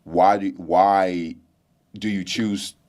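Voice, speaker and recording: A man's voice: low voice, little pitch movement, very slow, darkish tone. A man interviewing a friend in a casual conversation, talking earnestly and asking questions.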